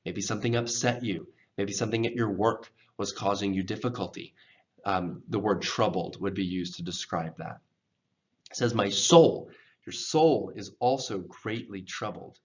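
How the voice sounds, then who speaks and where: A man teaching English pronunciation, explaining slowly and reading scripture lines aloud with expressive intonation as examples. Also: on the low side, highs cut off.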